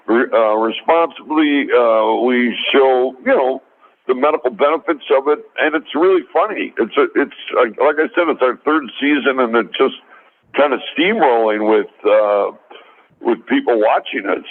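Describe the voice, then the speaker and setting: Laid-back guy rambling as a guest, tinny phone line sound. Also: medium pitch. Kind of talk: phone interview.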